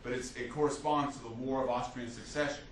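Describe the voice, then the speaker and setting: A man teaching a history class as a lecturer, telling the story with lively restarts and fillers. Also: mid-range voice, fairly quick. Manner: animated storytelling with many restarts. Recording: echoey classroom from a distance, faint hiss.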